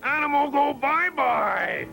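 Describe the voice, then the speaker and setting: A man voicing a stubborn, wild baby monster boy who shouts short, broken phrases and drags them out slowly. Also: very high voice, expressive, vocal fry, soft background music, voice pushed up, exaggerated voice. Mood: stubborn, shouting. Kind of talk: storybook character voice.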